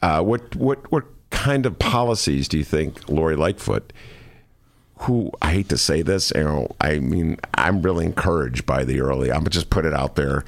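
A man's voice: moderate pace, vocal fry, no room sound. A man hosting a talk show, chatting casually and jokily about city politics. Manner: animated, jokey, slips into mocking high voices. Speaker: radio talk show host.

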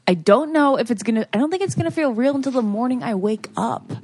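A young woman co-hosting a podcast in casual chat, chatty and quick to tease. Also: a little high, expressive, darkish tone, no room sound, studio quality. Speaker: podcast co-host.

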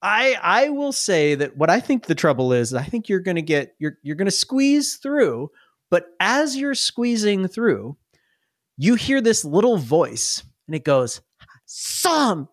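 A man narrating and running a tabletop game as game master, animated and often laughing. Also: high voice, no echo, studio quality. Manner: animated, laughing, acts out little voices.

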